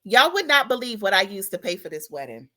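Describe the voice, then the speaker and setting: Lively, bright-voiced woman telling a story. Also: medium pitch, a little fast. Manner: animated storytelling, talks back to the audience with "y'all" and "girl". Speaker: podcast host. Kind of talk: casual chat.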